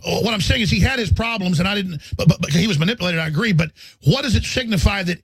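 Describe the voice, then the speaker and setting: A man's voice: high-pitched, expressive, quick pace, husky, no echo. A man hosting a heated talk show, interrupting his guest and pressing his questions.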